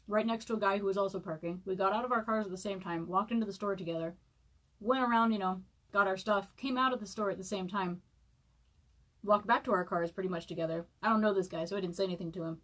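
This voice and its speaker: A woman's voice: mid-range voice, fast talker, a bit bright. A woman in her thirties, hungover, chatting casually on a live stream and reading from her own book, with many fillers and laughs. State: hungover, eating saltines and sipping broth.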